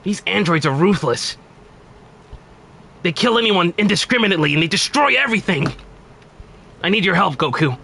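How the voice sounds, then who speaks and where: A man's voice: high-pitched, animated, normal speed, vocal fry, pauses often, pitched above the performer's own voice, full character voice. A man impersonating young anime time-traveler Trunks. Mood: urgent. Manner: urgent, pleading, breaks into laughing shouts. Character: young male anime time-traveler warning of killer androids. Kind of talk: live-stream impression.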